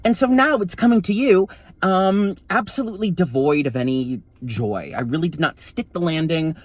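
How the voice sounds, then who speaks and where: A man's voice: high voice, moderate pace, dry recording. A man telling a story in a campy, sassy, profane way, his voice often taken for a woman's. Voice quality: voice read as feminine. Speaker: vlogger. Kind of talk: casual storytelling vlog.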